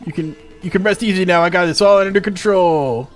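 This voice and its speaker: A man's voice: high-pitched, brisk, soft background music, pitched above the performer's own voice, lightly acted. A man voicing a nervous young boy who stammers and hesitates. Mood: flustered.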